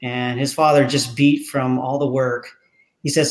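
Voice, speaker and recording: A man's voice: mid-range voice, measured pace, roomy sound. A man being interviewed as an author, telling a story and acting out the people in it. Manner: animated storyteller acting out dialogue. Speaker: author and guest.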